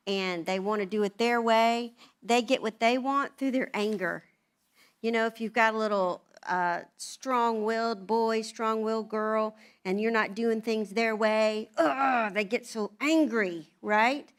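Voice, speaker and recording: Older woman, a little high-pitched, animated storyteller doing family voices for a moms' group. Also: measured pace, clear, resonant tone. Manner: animated, acts out family dialogue in changing voices. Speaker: speaker at a moms' event. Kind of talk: talk to an audience, storytelling.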